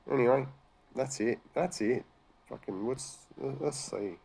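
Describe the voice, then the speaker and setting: An exasperated Australian commentary host delivers a sarcastic, expletive-heavy rant about news articles. His mid-range voice is creaky, mellow and husky, and he speaks at a slow pace.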